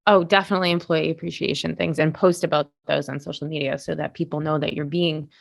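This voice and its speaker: A woman's voice: deep voice, little pitch movement, fast, vocal fry. A woman with a Boston accent, co-hosting a business podcast in a chatty way and laughing often. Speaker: podcast co-host. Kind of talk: casual chat.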